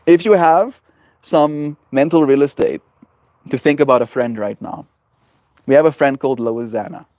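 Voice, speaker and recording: Male livestreamer, casual porch chat, rambling and gentle, dry close sound. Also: medium pitch, normal speed, no echo. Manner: rambling and gentle, heavy on fillers. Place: outdoors on a porch.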